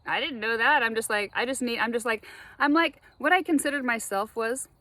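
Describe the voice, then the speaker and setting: A woman talking straight to her viewers in a rambling spiritual monologue, animated, laughing often and swearing freely. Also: on the high side, brisk, dry recording. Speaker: spiritual vlogger.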